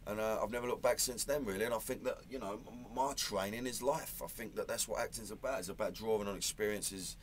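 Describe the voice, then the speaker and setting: A man's voice: on the low side, quick pace, few pauses, slight background noise. A man with a Cockney London accent chatting in an interview, blunt and matey, full of "you know" and "man". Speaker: actor being interviewed. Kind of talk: casual interview chat.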